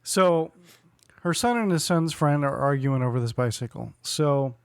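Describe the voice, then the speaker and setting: A man in his forties tells a long story on a podcast, slightly higher-pitched than most men. He acts out other people's lines and laughs as he goes. His voice sits close and dry on the mic. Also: moderate pace, clean tone, dry recording. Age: 40s. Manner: animated storyteller who acts out quotes and laughs often. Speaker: podcast co-host. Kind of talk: casual storytelling chat.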